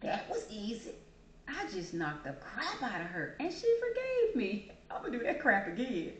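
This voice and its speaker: Woman doing a high, shrill, gloating bully who hits and fakes sorry, from a distance in an echoey room. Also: huge pitch swings, moderate pace, a bit bright. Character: taunting abuser who hits, then fakes apologies. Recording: echoey room with faint noise.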